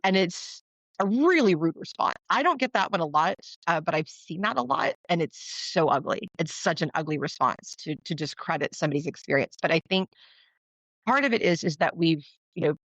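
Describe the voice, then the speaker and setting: A woman talking casually as a podcast guest, laughing often and acting out quoted people in a higher voice. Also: fairly bright tone, no echo. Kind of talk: casual interview conversation. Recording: dull dry lo-fi sound.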